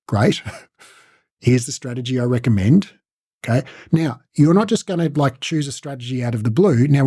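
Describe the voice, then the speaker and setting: A man's voice: mid-range voice, warm tone, slightly rough, dry recording. Man, instructor, casual lesson, acts out dialogue, dry close sound. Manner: conversational, acts out client and coach exchanges.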